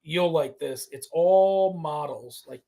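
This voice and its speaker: A man hosting a casual podcast, his voice gravelly with a raised pitch. He spins stories with animated energy, acting out quotes and swearing freely. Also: slow. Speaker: podcast host.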